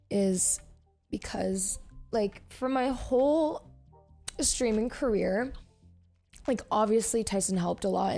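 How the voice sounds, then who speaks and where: A young woman streaming, talking casually to her viewers while teary and choked up. Her voice has a lot of gravelly vocal fry, and she talks in a loose way with many fillers. Soft music plays faintly behind her. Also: mid-range voice. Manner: emotional, thankful, filler-heavy talk. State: teary, crying.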